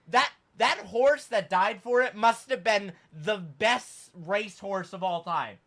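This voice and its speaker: A young man hosting a podcast, telling a story in a casual, animated way and breaking into loud outbursts. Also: high voice, takes it slowly, few pauses. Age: young adult. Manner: animated, acts out quoted voices, loud outbursts. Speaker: podcast host.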